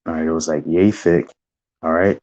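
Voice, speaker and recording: A man animatedly recounting a spiritual vision as testimony, acting out gasps and shouts along the way. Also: rumbling low, steady tone, moderate pace, lo-fi sound.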